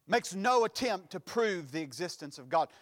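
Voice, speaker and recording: A male pastor preaching a sermon, with a preaching cadence that swells into sudden loud emphatic lines. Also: high-pitched, very animated, normal speed, in a large hall.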